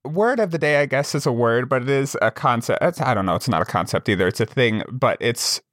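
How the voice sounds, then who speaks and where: A man's voice: mid-range voice, animated, brisk, a bit bright, no echo, studio quality. A man co-hosting a podcast, telling stories in a rambling, casual way, filling with "like". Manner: rambling storyteller, heavy use of "like". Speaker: podcast co-host. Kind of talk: casual chat.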